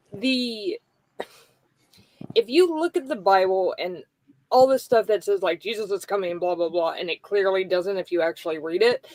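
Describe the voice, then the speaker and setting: A woman's voice: mid-range voice, darkish tone, rough recording. A woman co-hosting a podcast, ranting bluntly and in exasperation in casual chat. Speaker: podcast co-host.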